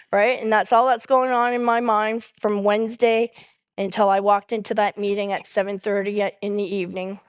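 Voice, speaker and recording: A woman shares her recovery story from the stage in a mid-pitched voice. She tells it as a lively storyteller who slips into the voices of the people she quotes. The sound is dry and close, with no room echo. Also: moderate pace. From Canada. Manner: animated storyteller who acts out quoted dialogue. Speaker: main speaker at a recovery convention. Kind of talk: personal recovery testimony.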